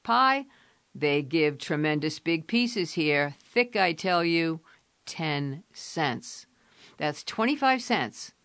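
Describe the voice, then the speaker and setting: A woman voicing an eager, cheerful young newsboy who talks brightly and earnestly. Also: fairly low pitch, animated, normal speed, dry recording.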